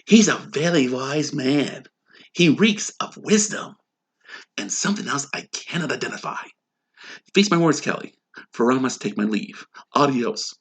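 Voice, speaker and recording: A woman voicing a smug grown man in a comedic sitcom reenactment, speaking dryly and deadpan. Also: extremely low pitch, unhurried, slightly rough, voice pushed down, full character voice. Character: low-voiced adult man, smug sitcom father type.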